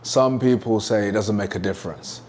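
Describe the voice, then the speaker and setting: A man's voice: fairly low pitch, moderate pace, a little mellow. A young man teaching a sales lesson at a whiteboard, emphatic and repeating his key points. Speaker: sales trainer.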